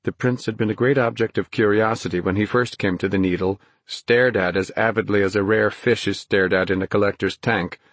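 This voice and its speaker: A man narrating a novel as an audiobook, in a measured, even storytelling way. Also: on the low side, no echo. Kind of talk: scripted narration.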